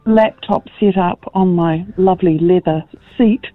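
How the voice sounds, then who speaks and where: A woman's voice: lowish voice, no room sound, faint music behind. Sheepish woman caller on a dull phone line. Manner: sheepish, halting storytelling. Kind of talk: on-air call-in confession.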